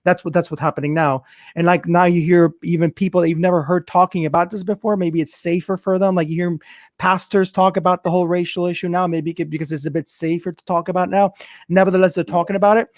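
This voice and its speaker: A man's voice: high voice, flat delivery, quick pace, dry recording, clean studio sound. A man from Rico, hosting and asking searching, thoughtful questions. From Puerto Rico. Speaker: host. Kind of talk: interview questions.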